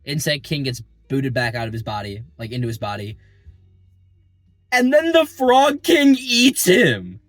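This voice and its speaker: A young man recapping a movie in a rambling, excitable way, full of fillers and casual swearing, recorded in a parking lot. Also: medium pitch, measured pace, no echo, soft background music. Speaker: movie reviewer.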